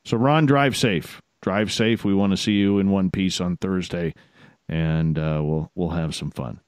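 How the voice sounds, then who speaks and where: Deep-voiced joking radio host. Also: male voice, little pitch movement, unhurried, smooth, no echo, clean studio sound. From Canada. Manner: jokey, rambling, gives shout-outs. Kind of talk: casual radio chat.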